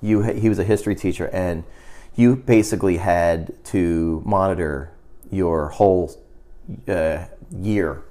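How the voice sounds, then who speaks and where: A middle-aged man with a lowish voice spins a loose story in casual conversation. He rambles, restarts his sentences, and sinks into quiet mutters when quoting people. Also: measured pace. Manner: rambling, many restarts, drops to a low mutter in quoted lines.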